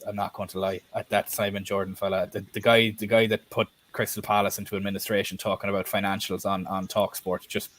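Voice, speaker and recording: A man's voice: lowish voice, little pitch movement, fairly quick, hardly any pauses. A man co-hosting a live stream, chatting bluntly and casually and swearing now and then.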